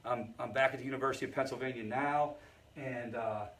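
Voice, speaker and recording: A man's voice: mid-range voice, steady tone, brisk, a bit bright. A man who leads a family recovery group, teaching in a conversational way and often checking in with the audience. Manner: conversational, storytelling asides.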